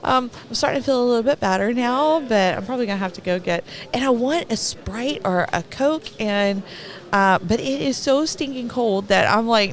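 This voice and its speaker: A woman's voice: a little high, animated, moderate pace. A middle-aged woman with a Texan accent giving rambling, talkative live commentary at an event, laughing between thoughts.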